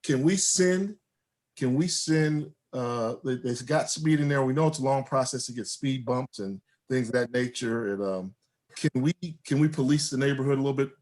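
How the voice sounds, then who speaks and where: A man co-hosting an online community meeting as a state delegate, talking in halting bursts with many restarts, over a video call. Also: medium pitch, a little mellow.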